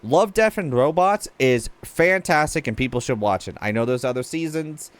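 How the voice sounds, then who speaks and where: A man hosting a casual reaction to game trailers, excitable, laughing often and swearing freely. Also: medium pitch, normal speed, no room sound. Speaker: gaming reaction host.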